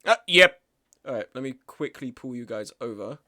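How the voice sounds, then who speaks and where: Pushed and bright, his medium-pitched voice stays animated at a normal speed. The man is streaming a video game, grumbling with exasperated self-mockery about other players and his rotten luck in casual chat.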